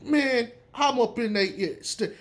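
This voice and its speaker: Animated, emphatic man talking basketball. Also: on the high side, unhurried. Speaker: sports commentator. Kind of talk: casual sports opinion talk.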